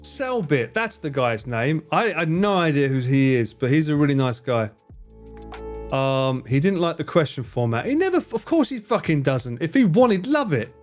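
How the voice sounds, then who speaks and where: A young man live streaming, chatting casually with viewers, swearing freely and acting out his friends' lines in higher voices. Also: big pitch swings, moderate pace, faint music behind. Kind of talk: casual chat answering viewers.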